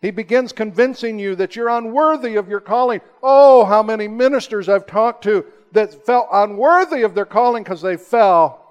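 A man preaching a sermon, rising to emphatic high peaks and then dropping to slow, hushed, low lines. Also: clean tone, dull audio. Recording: long hall reverb.

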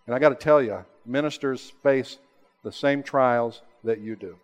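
A man preaching a sermon, rising to emphatic high peaks and then dropping to slow, hushed, low lines. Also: soft background music. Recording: long hall reverb.

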